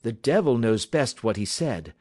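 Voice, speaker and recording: A man voicing a composed, stern male detective in an audiobook, deliberate and authoritative. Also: medium pitch, sing-song, a little mellow. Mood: explaining. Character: calm, stern male detective, measured and assured. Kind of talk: audiobook character reading.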